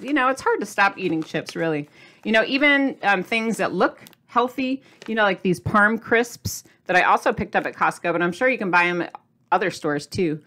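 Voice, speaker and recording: A middle-aged woman chatting to camera as a diet vlogger, animated, asking viewers questions and laughing often. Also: mid-range voice, normal speed. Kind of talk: casual chat to camera.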